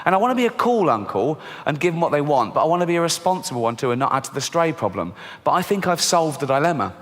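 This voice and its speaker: A man in his fifties with an English accent, performing a stand-up set in a dry, deadpan and crude manner. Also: a little high, quick pace. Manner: deadpan, dark and crude, acts out characters. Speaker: stand-up comedian. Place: theatre stage. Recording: reverberant hall, faint ambience.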